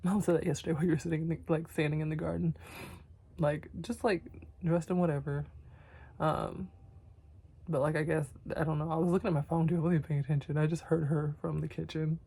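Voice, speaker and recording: A young woman talking tenderly to herself on camera in a vlog, soft and often whispery, teary, her voice going hoarse. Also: deep voice, flat delivery, quick pace. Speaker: vlogger. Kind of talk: emotional self-talk to camera.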